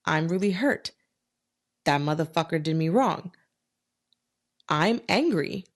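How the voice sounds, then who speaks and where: A woman's voice: sits low, expressive, slow pace. A woman hosting a solo podcast, talking bluntly with lots of swearing and emphatic rhetorical questions. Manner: talks herself through feelings aloud. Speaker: podcast host.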